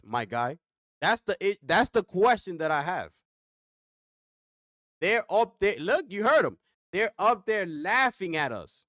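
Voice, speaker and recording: Gaming streamer, male, high and lively voice, rhetorical and slangy rant. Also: no room sound, studio quality. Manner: animated, rhetorical questions, slangy. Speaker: gaming commentator reacting to a clip.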